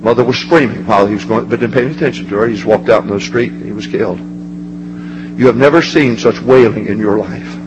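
A man preaching a fervent sermon. He swings between ringing shouts and low, hushed passages. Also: a little fast, lo-fi sound, background noise.

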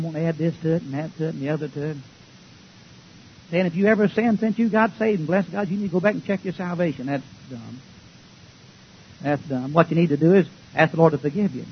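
An older man preaching a folksy, joking sermon, swinging between loud outbursts and low mutters. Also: a little fast, muffled recording, a little hiss or hum.

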